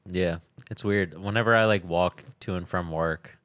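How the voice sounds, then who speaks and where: A man with a very low voice co-hosting a casual podcast chat. He talks in a relaxed, easygoing way and laughs often. The studio recording is close and dry, with no room sound. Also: moderate pace, no echo. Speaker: podcast co-host.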